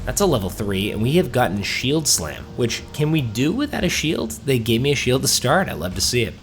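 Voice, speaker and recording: A man's voice: medium pitch, sing-song, fairly quick, hardly any pauses, a little hiss or hum. A man hosting a let's play, chatting enthusiastically and reading quest dialogue aloud in a storytelling tone. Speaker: gaming host.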